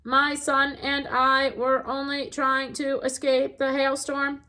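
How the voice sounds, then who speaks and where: Woman reading aloud as a polite careful robot mom, slow and formal. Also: high voice, completely flat delivery, pushed and bright, exaggerated voice. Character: polite, calm female robot mother. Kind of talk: storybook reading.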